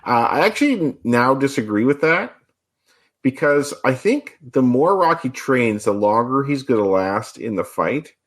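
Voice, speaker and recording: A man co-hosting a casual podcast, explaining his views in a thoughtful, quick way. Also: mid-range voice, big pitch swings. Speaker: podcast co-host.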